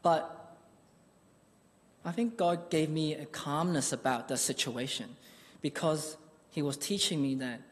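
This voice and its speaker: A man's voice: on the high side, unhurried, pauses often, in a large hall. A man preaching a sermon, telling a personal story in an earnest, conversational way.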